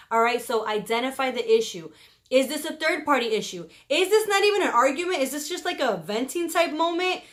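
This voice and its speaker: Woman vlogger, slightly high voice, loud and passionate, quick to laugh. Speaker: vlogger giving marriage advice. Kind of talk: casual advice vlog to camera.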